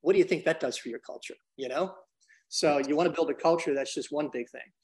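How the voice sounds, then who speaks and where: A man's voice: a little high, a little fast. A man as a podcast guest, explaining business ideas energetically and acting out little dialogues. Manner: energetic, acts out dialogues in different voices; addresses the host by name often. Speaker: business consultant and trainer.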